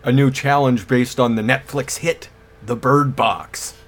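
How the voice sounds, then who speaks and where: A man talking in a casual group chat, relaxed and stammering a little as he starts his points. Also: medium pitch, measured pace.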